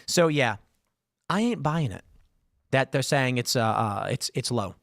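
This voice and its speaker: A man's voice: medium pitch, animated, measured pace, vocal fry, a bit bright, dry recording, studio quality. A man hosting live political commentary, talking in a sarcastic, mocking way and slipping into mock voices. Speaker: political show host. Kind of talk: opinionated live-stream commentary.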